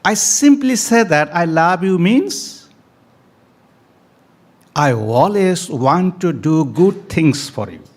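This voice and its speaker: A man's voice: high voice, big pitch swings, takes it slowly, pauses often. A man giving an emphatic speech to an audience at a community event, repeating key phrases and stretching words for stress. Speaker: speaker at a family day event. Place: event hall.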